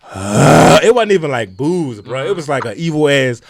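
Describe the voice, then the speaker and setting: A young man from Baltimore with a Baltimore accent, telling a profane, animated story on a casual podcast. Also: fairly high pitch, fairly quick, a crowd in the background. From Baltimore, USA. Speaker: comedian guest.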